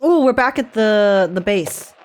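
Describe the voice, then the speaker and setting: A woman's voice: medium pitch, expressive, measured pace, clear, resonant tone. A woman streamer reacting to a story game, gushing, giggling, and reading the story aloud.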